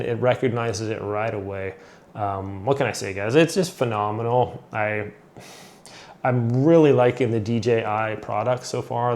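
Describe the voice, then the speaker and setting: A man's voice: medium pitch, darkish tone. A man giving a casual product review to his viewers, upbeat and rambling, with lots of fillers and restarts. He is losing his voice a little. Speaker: tech reviewer.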